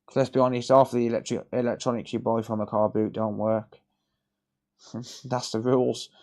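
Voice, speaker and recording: A man's voice: medium pitch, flat delivery, moderate pace, warm tone. A British man hosting a live repair stream, rambling in casual chat, swearing and laughing a lot.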